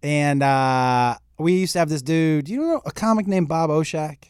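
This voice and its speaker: Animated man from Massachusetts. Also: on the high side, clean tone, no room sound, studio quality. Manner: animated storyteller, quick jokes. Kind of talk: casual chat.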